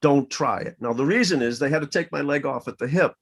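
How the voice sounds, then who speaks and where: Man in his sixties, from the Boston area, interview guest, animated storytelling, slightly raised pitch. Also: fast talker, slightly rough. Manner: animated, acts out dialogue in voices. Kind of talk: personal storytelling.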